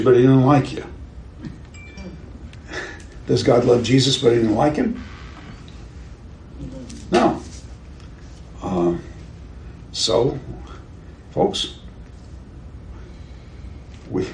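A man's voice: mid-range voice, a little mellow. An older man teaching a Bible class in a conversational way, asking his listeners questions and chuckling at his own stories. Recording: roomy with faint background noise.

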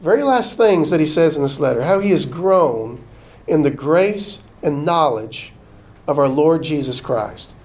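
A man preaching, his voice sitting high for a man. He is folksy and animated and acts out the lines of the people he quotes. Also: measured pace. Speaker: pastor. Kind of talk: sermon.

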